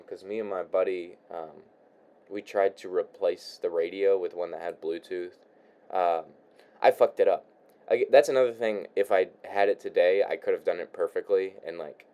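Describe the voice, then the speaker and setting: A man's voice: low-pitched, dark tone, dull audio. A young man talking casually in his room while building a paper model, rambling with many restarts, sighs and casual swearing. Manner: halting, repeats words, sighs, swears casually. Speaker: vlogger.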